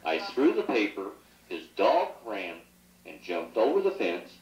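On a muffled, echoey 1980s home video filmed from a distance, a middle-aged son toasts an anniversary in a party room. Fairly low-pitched, unhurried, and very animated, he rambles through teasing stories and laughs at his own jokes.

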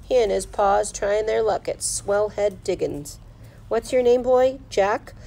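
Woman doing rough friendly gold-rush miner, folksy drawl, raised pitch, gravelly edge. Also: a little slow, low-quality recording. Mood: gruff folksy. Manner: folksy backwoods drawl, loud and chatty.

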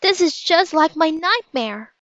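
A woman's voice: sits high, a little slow, no room sound, highs cut off, voice pushed up. A woman doing a bold, eager little girl crying out. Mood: urgent. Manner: urgent, excited cries.

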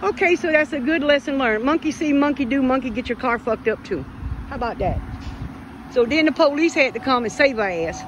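A woman's voice: sits high, lively intonation, brisk. A woman, giving blunt, teasing, profane running commentary while filming on a phone by a road. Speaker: vlogger filming a roadside scene. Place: outdoors by a road in traffic. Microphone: phone camera. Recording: phone audio with road noise. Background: passing traffic.

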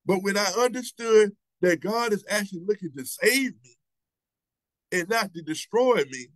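A man, a church elder, preaching a sermon over a video call, asking rhetorical questions, repeating himself and slowing down to stress his points. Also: high-pitched, expressive, dry recording, poor audio.

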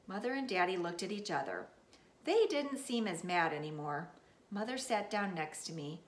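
A woman reading a children's book aloud in the first person of a young girl, animated and playful. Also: measured pace. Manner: animated, playful, with big jumps in pitch on exclamations. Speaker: storybook reader. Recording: roomy echo.

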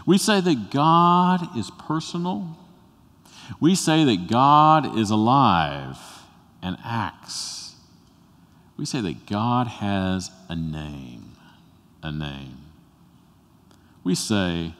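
A male pastor preaching a sermon, telling a story that swells to loud bursts and drops to a hush. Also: fairly low pitch, expressive, extremely slow, pauses often. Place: church sanctuary. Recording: long reverb in a church sanctuary.

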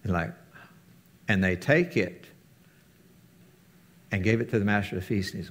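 A man's voice: moderate pace, long pauses, a little hiss or hum. A man teaching a casual sermon to his fellowship, talking conversationally and acting out the quotes he tells. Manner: conversational, acts out quotes with big pitch jumps.

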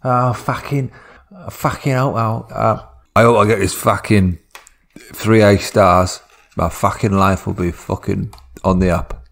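A man's voice: fairly low pitch, steady tone, a little slow, vocal fry. A man doing a bossy, swearing Cockney teen boy. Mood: anxious. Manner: swearing, bossy, shouting orders. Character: brash foul-mouthed Cockney teenage boy bossing his dad.

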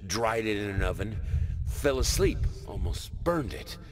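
An actor playing a grim, unhinged male painter in a game, muttering his thoughts aloud in a low, flat voice. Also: unhurried, background noise. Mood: grim, detached. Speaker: game narrator character.

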